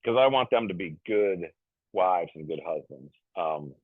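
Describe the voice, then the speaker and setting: A man's voice: deep voice, animated, a little slow, breathy edge, no room sound. A man in his fifties, a podcast guest, telling family stories in a rambling, jokey way, full of fillers and restarts. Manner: jokey, self-described goofy. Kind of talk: casual conversational storytelling. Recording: tinny phone-like dry sound.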